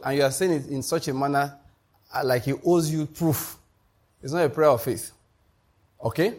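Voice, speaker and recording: A man preaching a sermon, emphatic and rising in pitch to drive his points home, often checking that his congregation is following him. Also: moderate pace, pauses often, a little mellow. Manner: asks the congregation to repeat and confirm. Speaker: pastor.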